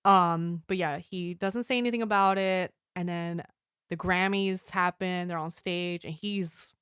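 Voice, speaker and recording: A woman's voice: on the low side, steady tone, unhurried, fairly bright tone, clear, resonant tone, no room sound, studio quality. A woman co-hosting a podcast, recapping a movie in a rambling, casual way and swearing freely. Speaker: podcast co-host.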